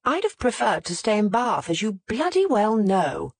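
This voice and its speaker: An audiobook reader voicing a sharp-tongued woman in her late thirties who snipes and snaps at her husband. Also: mid-range voice, huge pitch swings, normal speed, husky, no echo, pitched above the performer's own voice, exaggerated voice. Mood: sniping. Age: 30s. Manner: sniping, snappish.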